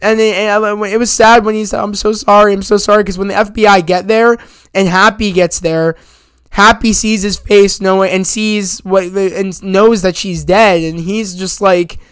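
A man with a high, smooth, resonant voice talks through a film in a loose, rambling way, piling up fillers and casual swearing. The sound is dry and close. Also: steady tone, normal speed, dry recording. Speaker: movie reviewer. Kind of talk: casual spoken movie review.

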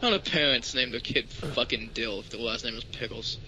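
A young man doing let's play commentary, crude, goofy and excitable. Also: medium pitch, fairly quick. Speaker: gamer. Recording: noisy game audio behind.

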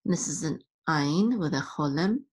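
A woman's voice: low-pitched, animated, moderate pace, slightly rough. A woman hosting a reading lesson, patiently sounding out letters and syllables one at a time. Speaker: Hebrew reading teacher and podcast host.

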